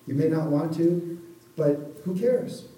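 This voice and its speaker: Male pastor, high and mellow voice, preaching casually, recorded far off the mic in a roomy hall. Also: takes it slowly. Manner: conversational, keeps asking the congregation for an amen. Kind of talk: sermon. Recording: echoey room, voice from far off the mic.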